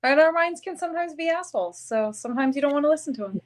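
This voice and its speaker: A woman co-hosting a podcast, calling in on her phone, chatting casually and agreeing with quick replies. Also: high-pitched, expressive. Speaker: podcast co-host. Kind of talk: casual chat.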